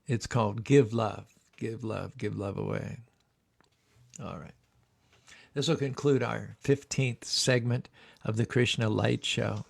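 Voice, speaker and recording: A man's voice: lowish voice, fairly even intonation, slow pace, creaky, pauses often. A man hosting his own show, telling a story with chuckles and then rapping a song and leading the listeners in a call-and-response chant. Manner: chuckles while recalling, rhythmic chanting when rapping. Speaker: show host.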